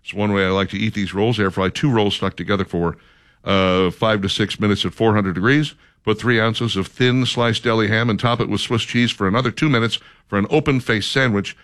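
A man's voice: on the low side, steady tone, a little fast, fairly bright tone, no room sound. A man hosting a casual radio chat, reading a list aloud with dry, sarcastic commentary. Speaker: radio show host.

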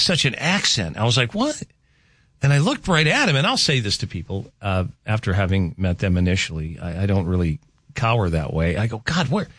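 A male morning radio host talks in a loose, rambling way and mocks himself. His voice swings lively up and down. The studio sound is close and dry. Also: dry recording. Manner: rambling, self-mocking, animated with pitch jumps. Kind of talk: casual radio chat. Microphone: studio microphone.

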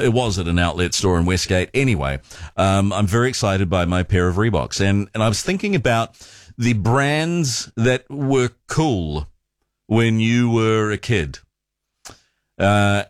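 A man's voice: lowish voice, no room sound, clean studio sound. A man hosting a talk radio show, chatting casually and often stumbling over and repeating his words.

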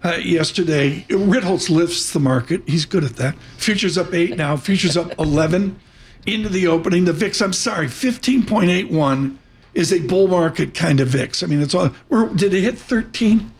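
A man's voice: sits high, moderate pace. A man hosting a live broadcast, chatty and rambling. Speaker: show host.

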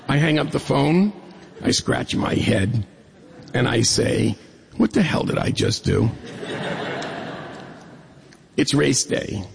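Gravelly middle-aged man telling a story. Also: mid-range voice, measured pace, long pauses. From New York State. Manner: humorous, lively storyteller who acts out dialogue. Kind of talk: personal storytelling talk. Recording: echoey hall reverb.

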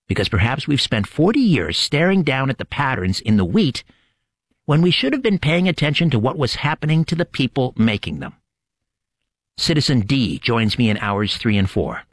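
A man hosts a late-night radio show in a dramatic, storytelling manner. His pitch rises and falls in a lively way. The sound is close and dry, with no room around it. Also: dry recording. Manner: dramatic, measured storytelling delivery. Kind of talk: scripted show opening narration.

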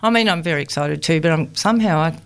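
A woman's voice: sits low, quick pace, clean tone. Dry-witted woman on radio. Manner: dry, teasing humour. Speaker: community radio co-host. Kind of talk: casual radio chat.

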